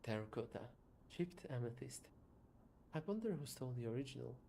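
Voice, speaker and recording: A man streams a story game, reading its dialogue aloud and muttering casual asides. His voice is gravelly and mellow, recorded on a desk microphone with a faint hiss behind it. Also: mid-range voice, lively intonation, brisk. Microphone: new desk microphone.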